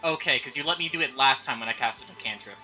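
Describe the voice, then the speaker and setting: A man's voice: medium pitch, quick pace, pushed and bright, faint music behind, rough recording. A man playing a tabletop game, chatting in a matter-of-fact way. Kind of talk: casual game chat.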